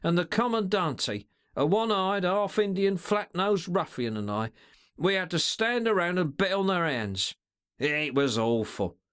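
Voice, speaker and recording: A man voicing a sly, stealthy male secretary in a storybook, with slangy, sneering, drawn-out remarks. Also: high-pitched, big pitch swings, a bit bright, clear, resonant tone, voice pushed up, heavily acted. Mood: scornful.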